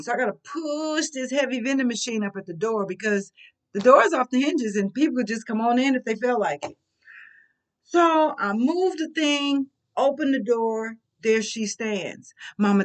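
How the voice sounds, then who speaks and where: Animated middle-aged woman telling a story. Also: on the high side, moderate pace. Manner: animated, emphatic, colloquial. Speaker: vlogger. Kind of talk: personal storytelling.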